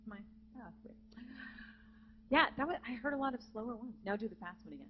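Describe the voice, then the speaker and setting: A woman's voice: a little high, animated, quick pace, muffled recording, slight background noise. A woman teaching a vocal jazz masterclass, chatty and breaking into short sung phrases. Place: conference hall with live student audience.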